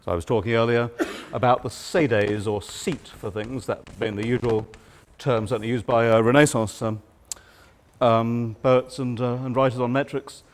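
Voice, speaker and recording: Guy giving a lecture, calm and explanatory, bit of dry wit. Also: medium pitch. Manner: measured, explanatory, dryly humorous. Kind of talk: spoken lecture on writing verse.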